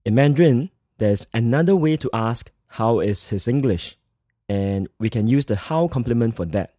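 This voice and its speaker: A man teaches a scripted grammar lesson with a mellow, warm tone. His pitch moves a lot as he explains, and he slows down to repeat the example phrases. The sound is dry and close, with no room echo. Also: animated. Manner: measured, slow model phrases with repeats. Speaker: Mandarin teacher.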